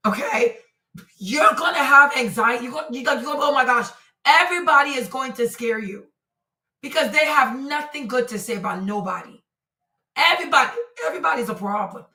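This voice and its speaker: A woman's voice: fairly high pitch, bright, forceful tone, reverberant, far from the mic. A woman hosting a live commentary stream, speaking emphatically and repeating herself for effect. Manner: emphatic, repetitive, exclaiming. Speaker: livestream commentator.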